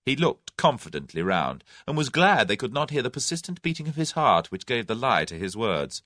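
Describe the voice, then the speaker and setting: A man narrating a mystery novel in an expressive, dramatic reading. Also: medium pitch, a little fast, hardly any pauses, no echo, studio quality. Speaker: audiobook narrator. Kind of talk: scripted narration.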